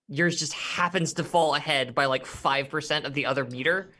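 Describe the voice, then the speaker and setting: A man's voice: a little high, moderate pace, few pauses, bright, forceful tone. A man narrating as game master of a tabletop game, rambling with many fillers and frequent laughs.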